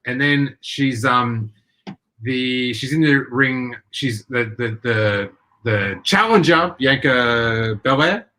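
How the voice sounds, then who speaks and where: A man hosting a podcast talks in casual chat, his voice bright and forward. He rambles, stumbling through restarts as he searches for words. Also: mid-range voice, slight background noise. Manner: rambling, halting, many restarts. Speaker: podcast host.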